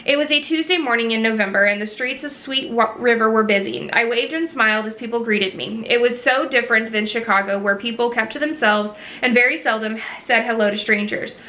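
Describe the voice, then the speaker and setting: A woman's voice: on the high side, a little fast, hardly any pauses, pushed and bright. A woman reading a cozy mystery novel aloud, with small slips and restarts. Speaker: reader.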